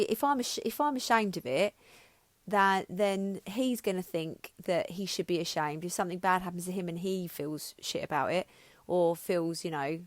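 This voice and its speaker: A woman in her thirties hosts a podcast, delivering a candid personal monologue in which she speaks frankly and emotionally about her own life, often restarting and swearing at times. Her voice is on the low side, and the recording is dry.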